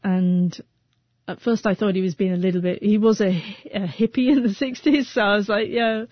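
A woman's voice: mid-range voice, a little fast, no echo, muffled recording. Woman who stutters telling her story. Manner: stutters, with repeated sounds and restarts. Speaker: interview guest. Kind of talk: personal storytelling interview.

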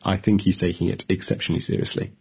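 A man lawyer talks through his work in an informal, chatty manner. His voice is low and husky. The recording is close and dry, and a little muffled. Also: flat delivery, fast, no echo. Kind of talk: interview, casual explanation.

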